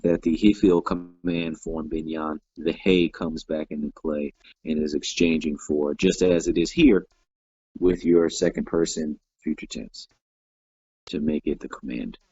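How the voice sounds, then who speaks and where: A man with a very low voice teaches a grammar lesson at an unhurried, deliberate pace. He explains each form patiently and checks in with the class as he goes. The recording is dry and somewhat dull, lacking clarity. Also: steady tone, a little mellow, husky, no room sound. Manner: patient, explains step by step, many "all right" fillers. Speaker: Hebrew teacher.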